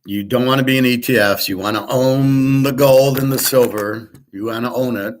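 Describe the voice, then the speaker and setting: A man's voice: mid-range voice, fairly even intonation, moderate pace. A man hosting a casual solo monologue on markets and poker, blunt and profane, rambling with frequent restarts and sarcastic asides. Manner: opinionated, sarcastic. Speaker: host giving market and poker tips.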